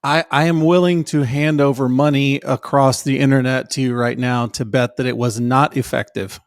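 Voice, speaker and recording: A man's voice: medium pitch, steady tone, normal speed, no room sound, studio quality. A man co-hosting a casual podcast, talking with wry, eye-rolling sarcasm. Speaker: podcast co-host. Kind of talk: casual conversation.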